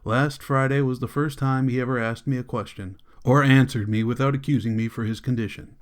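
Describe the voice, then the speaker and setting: A man's voice: mid-range voice, steady tone, a little fast, clear, resonant tone, natural voice. A frustrated young schoolteacher who defends himself earnestly and with passion, read by a man. He pushes back firmly against his elders. It is an audiobook reading of a novel. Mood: defiant. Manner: earnest, impassioned arguing.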